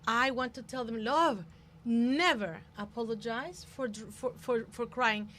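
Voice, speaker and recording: A woman coach talking in a casual conversation, emphatic and animated, laughing often. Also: a little high, measured pace, a little hiss or hum. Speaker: guest coach.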